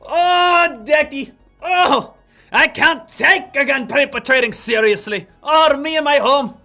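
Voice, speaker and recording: Man mocking a whiny male beginner trader: moaning, exaggerated, high, with soft music behind. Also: slow pace, exaggerated voice.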